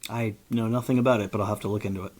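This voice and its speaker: A man co-hosting a gaming podcast, bantering in casual chat with quick jokes. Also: fairly low pitch, steady tone, a little mellow. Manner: joking, quick banter, laughs a lot. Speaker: podcast co-host.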